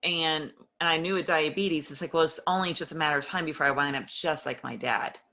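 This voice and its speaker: Woman with a sharp, bright voice. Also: low voice, fairly quick. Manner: earnest, openly emotional, re-enacts past conversations. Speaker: interview guest. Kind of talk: personal testimony in an interview.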